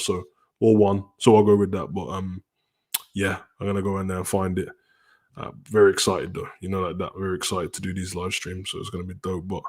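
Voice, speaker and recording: Laid-back man hosting a live stream. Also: lowish voice. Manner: relaxed, rambling, answers chat messages aloud, often tags "you know, like that". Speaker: wrestling stream host. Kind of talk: casual live-stream chat.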